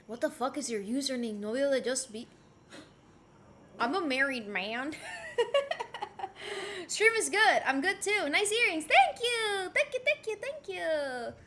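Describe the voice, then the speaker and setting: A woman's voice: sits high, big pitch swings, a little slow, bright, forceful tone, a little hiss or hum. A woman live streamer at home, chatting casually, reading chat messages aloud and cooing at her pet. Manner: coos and teases her pet between comments.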